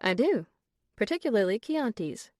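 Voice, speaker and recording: A woman voicing a young woman on a date, speaking softly and sweetly with a coy manner. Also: a little high, very animated, moderate pace, no echo, clean studio sound, voice pushed up. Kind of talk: audiobook character voice.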